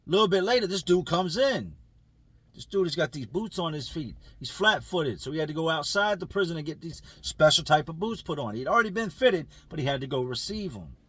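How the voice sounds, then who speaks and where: A man telling a prison story in casual street slang, lively and full of acted quotes. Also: fairly high pitch, a little fast, breathy edge. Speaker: storyteller recounting prison life.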